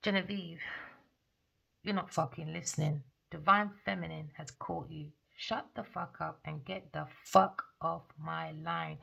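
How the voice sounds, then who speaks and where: A woman's voice: low-pitched, fairly even intonation, a little slow, creaky, pushed and bright, dull audio, voice pushed down, full character voice. A woman voicing an angry, foul-mouthed man who curtly tells someone off. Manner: curt, swearing.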